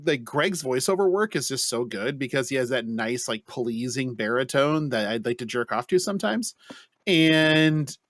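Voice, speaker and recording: A man co-hosting a podcast, telling a story in casual chat with animated, profane delivery. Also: medium pitch, no echo, clean studio sound. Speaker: podcast co-host.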